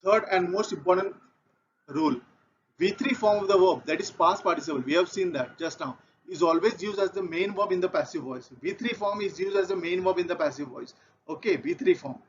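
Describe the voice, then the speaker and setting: A man's voice: high voice, brisk, a little hiss or hum. A man with an Indian English accent teaching a grammar lesson, methodical and repeating each key point. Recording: dull lo-fi audio.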